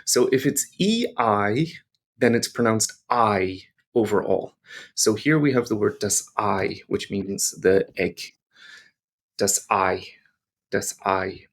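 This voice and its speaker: A man's voice: lowish voice, animated, takes it slowly. A man teaching pronunciation to learners, patiently explaining and modelling each sound. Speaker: language teacher.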